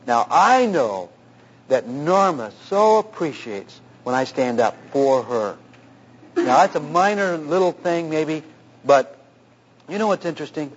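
A man's voice: a little high, measured pace, a little hiss or hum. A man who is a pastor, preaching earnestly through a personal story about marriage, in a dull lo-fi recording. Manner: earnest, anecdotal, animated retelling.

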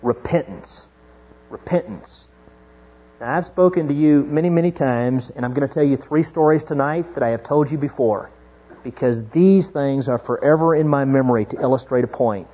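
A middle-aged male pastor preaching a sermon, moving from hushed storytelling to fervent exhortation. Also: mid-range voice, brisk. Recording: dull lo-fi recording.

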